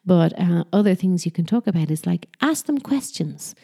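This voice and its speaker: A woman with a lowish, gravelly voice talks casually about raising kids. Her tone is mellow and dark, and she restarts her sentences often, like someone thinking aloud. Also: lively intonation, normal speed. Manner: chatty, self-correcting, slips into mock sing-song voices when quoting. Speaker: parent giving parenting advice. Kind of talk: casual talk to camera.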